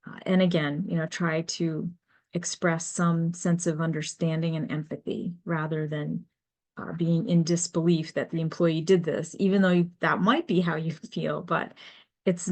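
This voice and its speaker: A middle-aged woman, a business advisor and HR consultant, giving a webinar presentation in a measured, explanatory way with frequent ums. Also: lowish voice, vocal fry.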